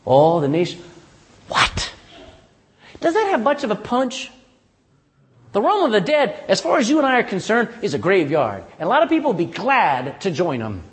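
A man preaching a sermon in a folksy, animated way, often asking the congregation "amen?". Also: high voice, moderate pace, long pauses, long reverb tail. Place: church.

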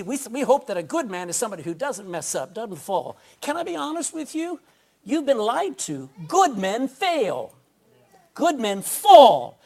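Speaking to a congregation indoors, this pastor has a voice that sits high and sounds a little mellow. He preaches in a folksy, emphatic way, frequently asking for an amen.

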